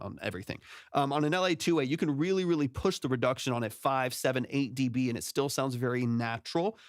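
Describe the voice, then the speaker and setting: A man's voice: mid-range voice, no room sound. A man hosting a music feedback livestream as a producer. He talks casually, thinking aloud and often checking in with "right?", into a close studio mic. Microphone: close studio vocal mic through compressors.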